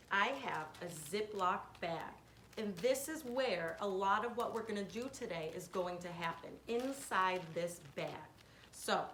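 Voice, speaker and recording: A woman giving a hands-on science lesson to children, explaining each step clearly and patiently. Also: mid-range voice, fairly bright tone, a little hiss or hum. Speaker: science teacher. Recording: echoey room.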